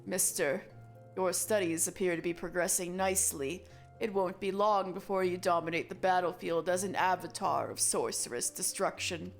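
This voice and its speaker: A woman's voice: lowish voice, normal speed, soft background music, pitched below the performer's own voice, natural voice. A woman doing a haughty elder mage brother. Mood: lofty. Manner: lofty, theatrical, alliterative.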